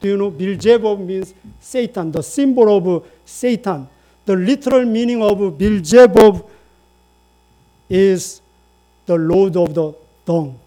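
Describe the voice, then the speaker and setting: A man's voice: high voice, slow, warm tone. A man preaching a sermon in English, repeating phrases and inviting the congregation to say lines with him. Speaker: pastor.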